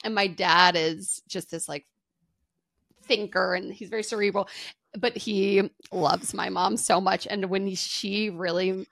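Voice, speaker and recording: Giggly, animated woman podcast host. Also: mid-range voice, measured pace, vocal fry, no echo, clean studio sound. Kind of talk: casual chat.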